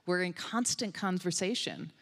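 A woman's voice: on the low side, moderate pace. A woman being interviewed as a researcher, telling stories with enthusiasm and animation. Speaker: guest researcher on dog cognition. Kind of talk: conversational interview answers. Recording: long hall reverb.

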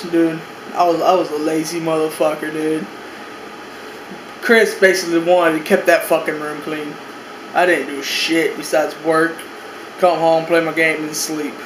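In a casual bedroom vlog, a young man with a high voice rambles, curses constantly, and repeats his lines. The room is echoey, and a faint air-conditioning hum runs underneath.

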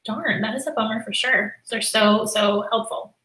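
A woman teacher with a bright, crisp voice walks through a lesson live, explaining steps and modeling prompts with plenty of fillers. Her voice sits a little high, and the room around her sounds echoey. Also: fairly even intonation, normal speed. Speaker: teacher and literacy educator. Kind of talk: live-streamed teaching demonstration.

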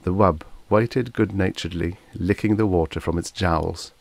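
Deep-voiced male audiobook narrator. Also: fairly even intonation, gravelly, dry recording. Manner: measured storytelling. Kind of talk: scripted narration.

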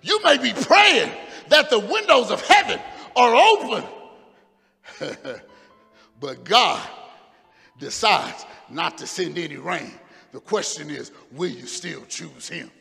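A male pastor preaching a fervent sermon, dropping to quiet asides and rising to shouts. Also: sits high, big pitch swings, slow, vocal fry, pauses often, in a large hall, faint music behind. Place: church sanctuary.

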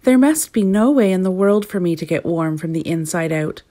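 A woman reading a storybook aloud, voicing a small, freezing male gnome who shouts every line. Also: lowish voice, animated, moderate pace, natural voice. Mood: shouting. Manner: shouting, frantic.

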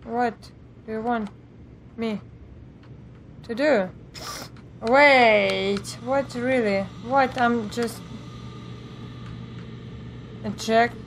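A woman's voice: on the high side, drawn-out words, long pauses, slight background noise. A woman giving let's play commentary, talking to herself in a jumpy way and swearing at the game. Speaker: gameplay streamer.

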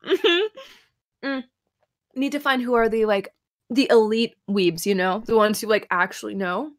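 A giggly woman guesting on a livestream, with a high voice and an unhurried way of talking. She laughs often between lines and drops casual swear words. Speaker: guest streamer.

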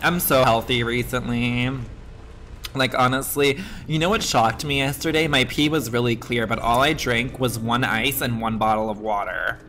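A man live-streaming a video game, excitable and swearing often as he reacts loudly to play and talks back to chat. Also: mid-range voice, moderate pace, slight background noise.

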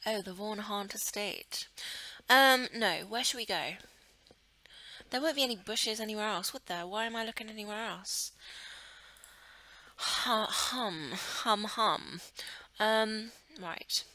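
A woman with a medium-pitched, sharp-toned voice speaks slowly on a poor recording with no echo. As a let's play host, she gives casual, giggly commentary while playing a life-sim game, thinking aloud and often sinking to a murmur or whisper.

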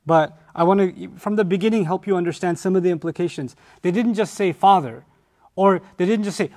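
A man with a fairly high voice teaches a scripture lesson in an easy, conversational way. He stays animated and often slips into acted-out quotes to explain his point. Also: brisk. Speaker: Quran teacher.

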